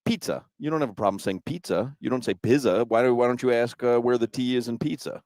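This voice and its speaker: A male radio sports talk host at a live arena broadcast, chatting casually, teasing his co-hosts and reading sponsor copy smoothly. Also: mid-range voice, fast talker, a little mellow, no echo.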